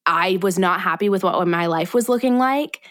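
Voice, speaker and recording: A woman's voice: fairly low pitch, normal speed, a bit bright, dry recording, studio quality. A woman co-hosting a podcast in casual chat, talking in an earnest, encouraging way with lots of "like.". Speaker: podcast co-host.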